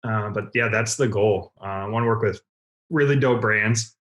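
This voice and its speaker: A young man from Ohio, a guest on a casual podcast, talking in a relaxed, rambling way with many fillers. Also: fairly low pitch, moderate pace. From Cleveland, Ohio. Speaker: guest, car content creator.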